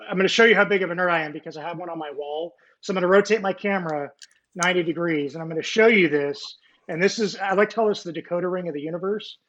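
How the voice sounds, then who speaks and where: Rambling nerdy man on a muffled call. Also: a little high. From United States. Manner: rambling, many fillers and restarts; nerdy, self-deprecating. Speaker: guest, former Navy nuclear technician. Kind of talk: casual interview storytelling. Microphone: video call. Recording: muffled video call audio.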